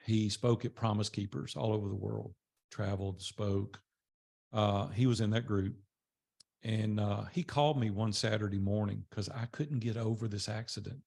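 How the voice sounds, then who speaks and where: A man's voice: fairly even intonation, normal speed, creaky, darkish tone. An older man tells his life story to a small group in a conversational way, voicing the people he quotes. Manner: conversational, acts out quoted dialogue with rising pitch.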